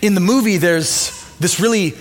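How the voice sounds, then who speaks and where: A man with a high voice delivers a sermon as relaxed, animated storytelling, filled with fillers and asides. He is speaking in a church auditorium with long reverb. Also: normal speed. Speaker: pastor. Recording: long reverb of a large hall.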